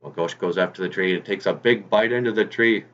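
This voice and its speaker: A man's voice: sits low, a little fast, dull audio. A man telling a folk tale in a casual, chatty way as host of his own channel, with rambling restarts and asides.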